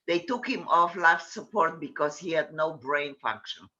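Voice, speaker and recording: High, bright-voiced matter-of-fact man. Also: moderate pace, lo-fi sound. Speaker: comedian guest. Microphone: video call.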